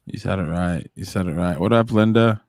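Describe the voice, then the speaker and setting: A man's voice: sits low, fairly quick, a little mellow, no echo. A man co-hosting a podcast from his home studio, laid-back and joking in casual chat. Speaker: podcast co-host. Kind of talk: casual live-stream chat.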